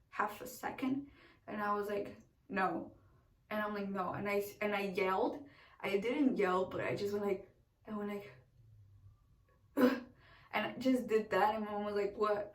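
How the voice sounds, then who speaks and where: A woman's voice: medium pitch, distant mic. A young woman chattily telling her birth story as a vlog, acting out the quotes. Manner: chatty, animated, acts out quotes. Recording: echoey room, away from the mic.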